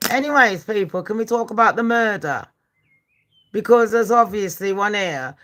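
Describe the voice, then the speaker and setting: A livestream host in her 40s rants, swears and squares up to commenters in between bouts of true-crime chat. Her mid-range voice is expressive and slightly bright, moving at a normal speed, and her manner is foul-mouthed and confrontational.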